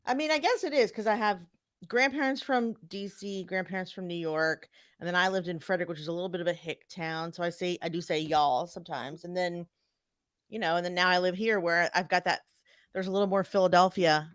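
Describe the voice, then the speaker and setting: A woman's voice: lowish voice, steady tone, a little fast, clean tone, no room sound, studio quality. A woman with a US East Coast accent, co-hosting a podcast in casual chat and explaining things with examples. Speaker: podcast co-host.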